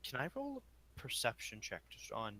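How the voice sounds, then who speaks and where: A player in a tabletop game, talking offhand and trailing off quietly. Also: mid-range voice, huge pitch swings, normal speed.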